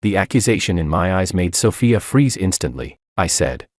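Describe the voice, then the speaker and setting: Deep, expressive male story narrator. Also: normal speed, no room sound, studio quality. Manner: dramatic, expressive reading. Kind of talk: scripted first-person story narration.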